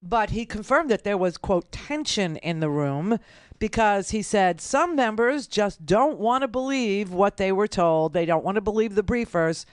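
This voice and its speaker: A woman's voice: mid-range voice, lively intonation, normal speed, clear, resonant tone, dry recording. A woman hosting a political radio talk show, delivering sarcastic, mocking commentary. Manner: sarcastic, mocking, quotes opponents in exaggerated voices.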